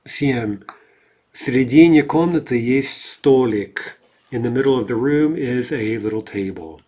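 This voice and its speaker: A man's voice: mid-range voice, animated, a little slow, dark tone. A man teaching a language lesson in a casual, explanatory way, reading out numbered example sentences and checking in with frequent "right?".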